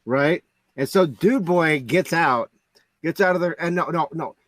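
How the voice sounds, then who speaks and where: A man's voice: on the high side, measured pace, a bit bright, no room sound. A man co-hosting a podcast in casual chat, telling stories in a rambling way with many fillers. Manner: rambling storyteller, heavy on "like". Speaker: podcast co-host.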